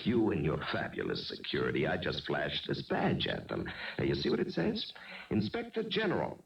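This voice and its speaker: A man's voice: rumbling low, wildly swooping pitch, normal speed, vocal fry, far from the mic, heavily acted. An actor playing a flamboyant, sly male con man in a 1970s radio drama, speaking in a theatrical, coaxing way. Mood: persuasive. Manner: theatrical, coaxing, wildly swooping delivery. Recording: muffled old radio recording, voice off-mic.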